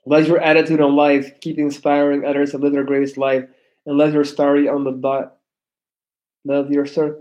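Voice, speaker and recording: A man's voice: fairly high pitch, completely flat delivery, normal speed, darkish tone. A young man reading viewer comments aloud in a laid-back, slangy livestream chat. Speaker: YouTuber reading live chat.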